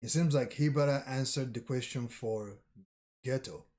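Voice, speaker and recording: A man's voice: mid-range voice, moderate pace, a little mellow. A man casually reading a manga chapter aloud with his own commentary, often stumbling and correcting himself. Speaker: manga reader and channel host.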